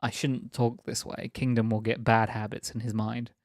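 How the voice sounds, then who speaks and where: A man's voice: medium pitch, flat delivery, normal speed, no room sound, studio quality. A young man chatting casually on a live stream, rambling, laughing often and teasing viewers.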